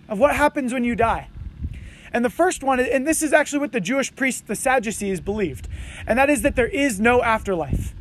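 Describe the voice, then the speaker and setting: High-voiced pastor preaching casually. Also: male voice, slight background noise. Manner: conversational, animated preaching with frequent "you know" and "right". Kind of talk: sermon. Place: outdoors under tents on a windy morning.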